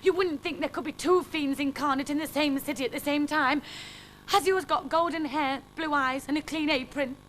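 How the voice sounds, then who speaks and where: A woman voicing an anxious, polite and fussy gentleman with a prim, breathy manner. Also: high voice, fairly even intonation, moderate pace, a little hiss or hum, pitched above the performer's own voice, poor audio. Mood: fretful.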